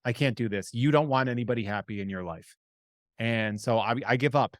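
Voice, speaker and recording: A man co-hosting a podcast, recapping a film in an animated way, swearing freely and voicing the characters' lines. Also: fairly quick, no echo, studio quality. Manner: animated, jumps into high pitch for quoted characters, swears freely. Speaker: podcast co-host. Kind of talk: casual chat recapping a film.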